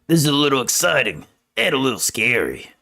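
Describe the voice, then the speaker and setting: Man putting on a gravelly, squeaky excited little girl. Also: fairly quick, full character voice. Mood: curious.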